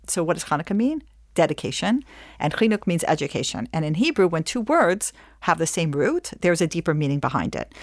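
A woman Jewish educator giving a lively lesson, acting out scenes as she tells stories. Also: low voice, no room sound, studio quality. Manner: animated storyteller acting out scenes. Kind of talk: lively teaching talk.

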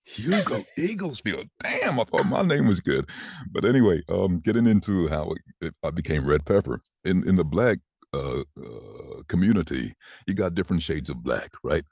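A man in his sixties who is a voiceover artist, telling lively stories about his life in a relaxed interview. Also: low voice, normal speed, gravelly, breathy edge, no room sound, studio quality. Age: 60s. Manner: chatty, animated anecdotes with laughs. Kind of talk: casual storytelling interview.

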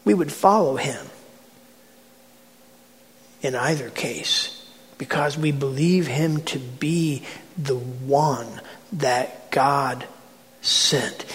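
A man's voice: mid-range voice, drawn-out words, pauses often. A man preaching a sermon, posing questions to his listeners and dramatically retelling a scene. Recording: long hall reverb.

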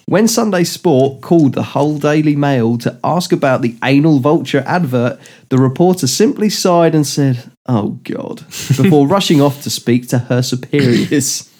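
A man's voice: fairly high pitch, animated, unhurried, few pauses, darkish tone. Chuckling man reading out a tabloid story. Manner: reads out news items, chuckling. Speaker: podcast co-host. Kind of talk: casual chat.

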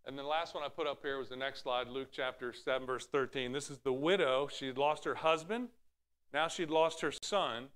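A man's voice: medium pitch, normal speed, a bit bright, clear, resonant tone. A man preaching a sermon, teaching from scripture with rhetorical questions and acting out Bible scenes in raised voices. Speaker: pastor.

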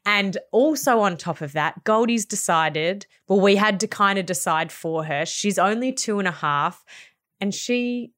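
A woman's voice: medium pitch, a little slow, fairly bright tone. A woman co-hosting a parenting podcast, chatting candidly and swearing casually. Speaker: podcast co-host. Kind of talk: casual chat.

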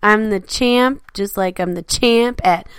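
A woman trading jokes on a casual podcast, blunt and teasing and quick to swear. Her voice sits at an ordinary pitch and sounds dry and close. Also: smooth, no echo. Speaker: podcast co-host.

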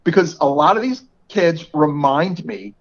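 A man's voice: on the high side, measured pace. A man in his forties with a New York area accent, co-hosting a podcast in casual chat and laughing often. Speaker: podcast co-host. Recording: dull lo-fi podcast audio.

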